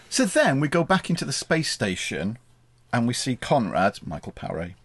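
Guy rambling through a film recap, husky voice, pitch jumps around a lot. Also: huge pitch swings, unhurried, dry recording. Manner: wry, laughs often, rambling retelling. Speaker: podcast co-host. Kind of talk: casual chat reviewing a film.

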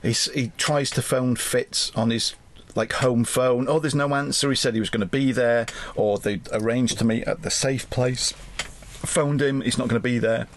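A man's voice: medium pitch, steady tone, moderate pace, slight background noise. A man co-hosting a podcast who rambles jokily through a film recap and laughs often. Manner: jokey, rambling, laughs a lot. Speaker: podcast co-host. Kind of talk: casual chat.

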